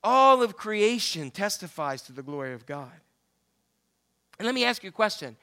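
A man's voice: high-pitched, sing-song, moderate pace, bright, forceful tone. A male preacher giving a conversational sermon that quotes scripture and asks the listeners direct questions.

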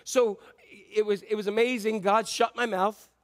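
A middle-aged pastor's voice sits high with fairly even intonation and a moderate pace as he preaches. He shares stories conversationally, swinging from loud, emphatic moments to quiet asides.

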